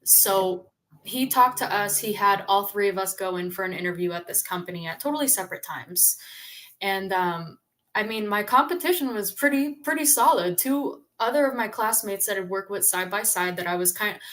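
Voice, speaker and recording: A woman's voice: medium pitch, moderate pace. Chatty young woman telling a story. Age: 20s. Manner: animated storyteller, chatty with frequent fillers. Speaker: podcast guest, tradeswoman. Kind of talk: casual interview storytelling.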